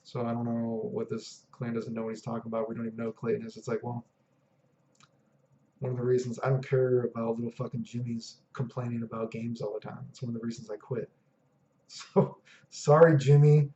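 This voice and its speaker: A man's voice: mid-range voice, flat delivery, brisk, warm tone, slight background noise. A man ranting in a vlog, profane, exasperated and sarcastic. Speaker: vlogger. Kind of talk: ranting monologue. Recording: dull lo-fi audio.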